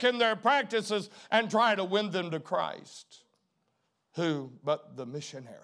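A middle-aged male preacher with a notably high voice delivers a sermon. His speech swings from hushed, low-key emphasis to loud, emphatic preaching. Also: unhurried.

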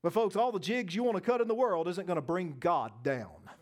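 A man preaching a sermon, emphatic, with loud peaks, quiet asides and folksy humor. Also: high-pitched, fairly quick.

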